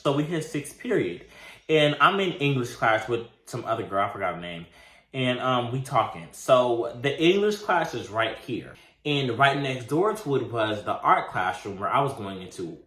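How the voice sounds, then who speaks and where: A man's voice: mid-range voice, sharp tone. Young man telling a story in a roomy space. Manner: casual slangy storytelling addressing viewers. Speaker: vlogger. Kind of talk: storytime vlog. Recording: roomy echo.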